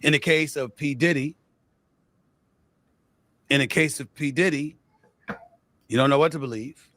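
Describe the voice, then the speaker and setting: A man giving measured spoken commentary, deliberate and weighing both sides of a case. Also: on the high side, fairly even intonation, a bit bright, no echo. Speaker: sports show producer.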